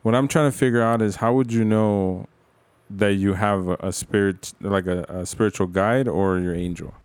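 A man's voice: fairly low pitch, steady tone, moderate pace, smooth, dry recording. A man hosting a casual talk, asking questions in a hesitant, easygoing way. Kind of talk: casual interview.

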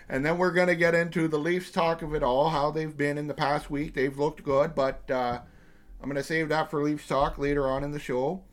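Rambling thirty-something podcast host, swears. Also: male voice, fairly high pitch. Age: 30s. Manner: rambling, profane, many fillers. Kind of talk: casual chat.

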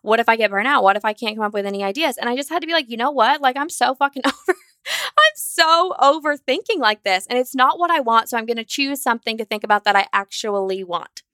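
A woman hosting a solo podcast, talking fast and fired up, candid and casual, with some swearing. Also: fairly high pitch, pushed and bright, no room sound, studio quality. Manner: acts out her own anxious inner voice. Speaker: podcast host.

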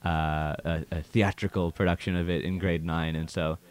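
A man's voice: deep voice, little pitch movement, normal speed, a little mellow. A young man, a law student guest, chatting casually and hesitantly with many fillers. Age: young adult. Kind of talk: casual chat.

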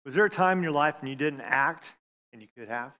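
A man preaching a sermon, stammering on restarts and swinging from loud appeals to hushed lines. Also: fairly high pitch, animated, a little fast. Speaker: pastor.

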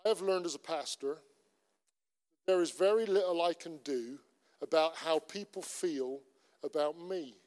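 A middle-aged Cornish man delivers a sermon in a high voice. His preaching is earnest and conversational, with lots of repetition. A long church-hall reverb trails behind him. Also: unhurried, a little mellow. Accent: Cornish English. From Cornwall. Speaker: pastor.

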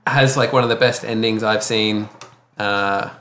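A man on a podcast panel, casually describing films and pausing to search for words. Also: on the low side, steady tone, sharp tone, a little hiss or hum. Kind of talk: casual group chat.

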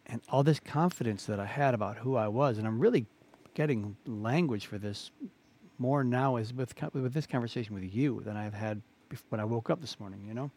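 A man's voice: mid-range voice, a little fast, darkish tone, husky. A man hosting a conversation, reflective and searching for words as he speaks. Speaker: host.

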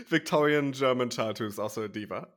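A man's voice: mid-range voice, sharp tone. A young man co-hosting a podcast, dramatic and playfully indignant in casual banter. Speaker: podcast co-host.

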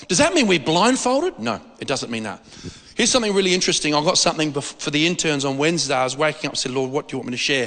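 A man preaching with a high, bright, forceful voice. He rambles and jumps into the voices of the people he quotes. A long reverb from a large hall trails every phrase. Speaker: pastor. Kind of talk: sermon.

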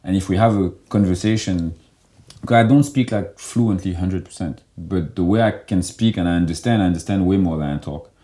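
A young man talking casually in an interview, loose and animated, and he fills his speech with "like.". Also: low voice, a little fast. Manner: loose and animated, heavy filler "like". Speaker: guest.

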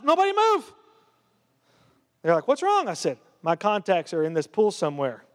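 A man pastor telling a personal story in a sermon, then preaching with growing fervor. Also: a little high. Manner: storytelling, rising to fervent preaching. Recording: long hall reverb.

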